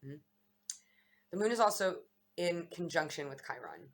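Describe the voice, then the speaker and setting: A woman with a low voice shares her daily astrology reading in a loose, unscripted way. She muses reflectively, wanders between thoughts and restarts her sentences as she goes. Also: animated, normal speed. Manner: meandering, reflective, self-correcting. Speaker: astrology vlogger. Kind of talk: casual spiritual musing to camera.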